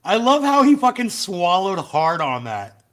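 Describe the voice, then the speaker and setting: Man, livestream host, casual rant, swears a lot, talks to chat, high-ish voice. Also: sing-song, unhurried, a bit bright. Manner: profane, blunt and ranting; chats with viewers in the live chat.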